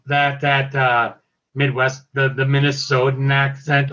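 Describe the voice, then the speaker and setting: A man's voice: medium pitch, level tone, unhurried, sharp tone, slight background noise. A man hosting a casual review chat, recapping scenes in a loose, filler-heavy way. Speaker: host reviewing a cartoon episode. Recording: dull lo-fi audio.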